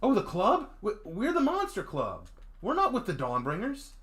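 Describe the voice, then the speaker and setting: A man's voice: high voice, huge pitch swings, moderate pace, a bit bright, pitched above the performer's own voice, full character voice. A man voicing a polite, earnest young man who stammers as he tries to reassure, in a visual novel reading. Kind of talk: visual novel read-aloud.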